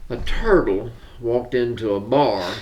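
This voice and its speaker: Slow-talking older Southern man telling jokes. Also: medium pitch, animated, a little mellow. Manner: laughs at his own punchlines. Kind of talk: casual joke telling.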